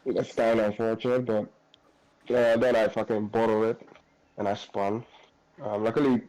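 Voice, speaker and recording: Man, low voice, relaxed post-race chat, casual swearing. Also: moderate pace, rough recording. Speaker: race driver interviewee.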